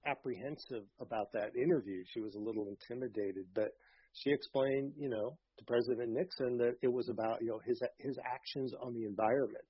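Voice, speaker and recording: A man's voice: mid-range voice, fairly quick, slightly rough. A man as an interview guest, telling a story in a thoughtful, hesitant way. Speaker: guest, author. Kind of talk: casual interview chat. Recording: dull lo-fi sound.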